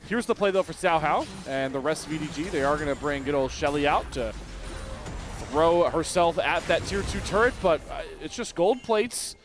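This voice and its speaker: A man giving excitable play-by-play commentary on an esports match. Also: a little high, over music. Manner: excitable, quick shifts in energy. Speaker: esports caster.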